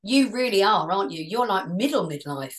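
A woman in her fifties co-hosting a podcast in casual chat, teasing and playful, often jumping in quickly. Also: mid-range voice, animated. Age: 50s. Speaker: podcast co-host.

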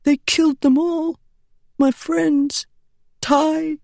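A narrator voicing a badly injured young boy who whispers and hisses bitter accusations in a weak, high voice. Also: little pitch movement, slow, vocal fry, a little mellow, no echo, exaggerated voice. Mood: bitter accusing. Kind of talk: audiobook character voice.

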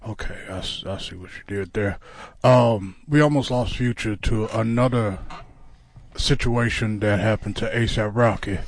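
A man's voice: lowish voice, a little slow, dry recording. A man in his fifties hosting a casual radio show from a studio, talking in a laid-back, drawling way with lots of fillers. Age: 50s.

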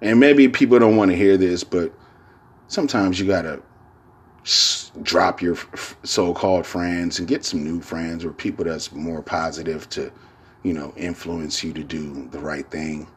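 A man's voice: sits low, steady tone, measured pace, breathy edge. A man hosting his own podcast, talking in a loose, rambling, profane monologue full of slang, repeating filler phrases and laughing often. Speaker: podcast host. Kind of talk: casual solo podcast monologue.

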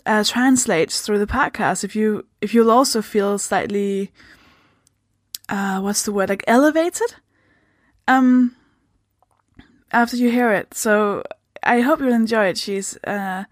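A woman from Denmark with a Danish accent, hosting a podcast in a casual unscripted intro, tired and halting, stopping mid-sentence. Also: medium pitch, no echo, clean studio sound. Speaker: podcast host.

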